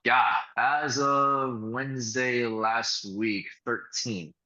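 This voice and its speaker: A man's voice: mid-range voice, fairly even intonation, very slow, bright, forceful tone, muffled recording. A man who works as a real estate closer, telling profane, swaggering stories on a casual group video call and acting out the people in them.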